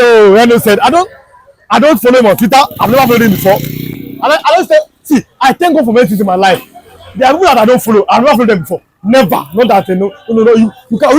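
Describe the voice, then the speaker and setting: A man's voice: extremely high pitch, a little hiss or hum, rough recording. A Nigerian man with a Yoruba accent giving impassioned street political commentary, emphatic and repetitive in a preachy way. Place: outdoors on a Lagos street.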